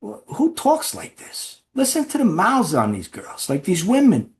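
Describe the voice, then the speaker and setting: A man's voice: high voice, huge pitch swings, measured pace, voice pushed up, heavily acted. A man voicing an indignant middle-aged American mob boss who is appalled at foul language on television. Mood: scandalized. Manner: scandalized, incredulous questioning.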